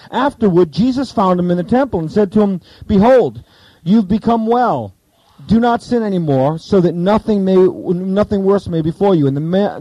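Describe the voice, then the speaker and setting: A man preaching a sermon, reading scripture with animated, joking asides. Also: sits high, dry recording, low-quality recording.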